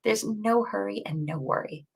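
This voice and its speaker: A woman co-hosting a coding bootcamp livestream, chatty and self-deprecating with quick asides. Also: mid-range voice, vocal fry, husky. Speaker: bootcamp co-host. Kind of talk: casual livestream teaching chat.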